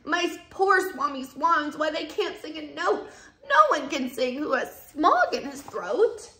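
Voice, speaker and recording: A woman's voice: high voice, very animated, a little slow, sharp tone, voice pushed up, heavily acted. A woman voicing a fussy little male forest creature who snaps and scolds. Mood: scolding. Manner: snappish, scolding. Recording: roomy echoey room.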